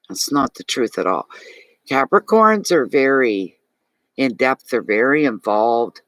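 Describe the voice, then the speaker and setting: A man's voice: medium pitch, unhurried, no room sound, low-quality recording. Chatty man with a Maritime Canadian accent. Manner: chatty and animated, talks straight to viewers. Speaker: tarot reader. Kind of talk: live tarot reading, reading chat comments.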